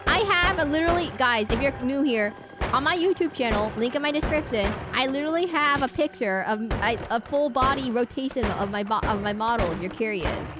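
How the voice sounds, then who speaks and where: A woman VTuber chats casually with her viewers while playing a game, bursting into animated, indignant replies as she reads chat and humming under her breath. Her voice is on the high side and a little fast, with game music playing behind her.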